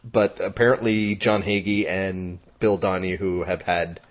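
A man with a lowish voice co-hosts a podcast in loose, casual chat. He tells jokey stories and laughs easily, on a dull, lo-fi recording. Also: level tone, a little slow. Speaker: podcast co-host.

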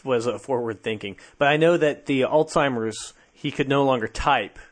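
Man, podcast host, casual chat, easily amused, mid-pitched. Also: normal speed.

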